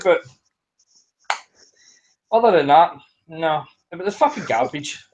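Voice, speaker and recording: A man with a high voice rants through a casual podcast chat. He is blunt, swears constantly and builds himself into a fury as he goes. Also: animated, measured pace, long pauses, darkish tone, lo-fi sound. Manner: ranting, blunt, heavy swearing. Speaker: podcast co-host.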